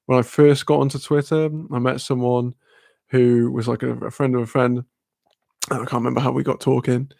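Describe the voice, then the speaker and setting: A man's voice: medium pitch, level tone, normal speed, creaky, a little mellow, dry recording, studio quality. A man chatting casually with his live-stream audience, rambling and laid-back, swearing offhandedly and laughing often.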